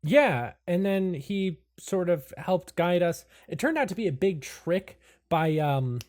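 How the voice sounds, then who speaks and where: A player in a tabletop game, voicing their character with incredulous questions and halting restarts. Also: medium pitch, lively intonation, a little mellow, dry recording, clean studio sound. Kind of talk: in-character tabletop role-play.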